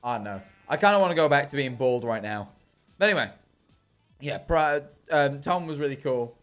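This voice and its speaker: A man's voice: medium pitch, expressive, fairly quick, fairly bright tone, soft background music. A young British man chatting casually on a live stream while gaming, rambling and ranting with self-deprecating humour. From Britain. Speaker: livestreamer.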